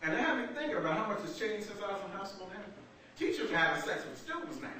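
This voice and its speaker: A young man doing stand-up comedy, telling stories in an animated, conversational way. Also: high voice, quick pace. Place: small black box theater. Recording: echoey theater from far off, noisy.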